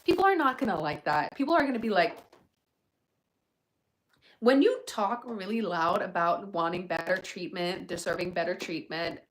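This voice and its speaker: A woman's voice: medium pitch, slight background noise, low-quality recording. Chatty young woman giving frank advice. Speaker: livestream host. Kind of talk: casual livestream chat.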